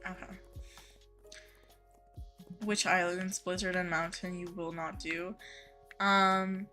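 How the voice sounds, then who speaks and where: A woman's voice: on the low side, little pitch movement, slow pace, sharp tone, faint music behind. A woman game streamer chatting casually with her viewers, full of "um" and "like" and easy laughs. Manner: chatty, filler-heavy with frequent 'like' and 'um', easy laughs. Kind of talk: casual live-stream chat reading chat messages.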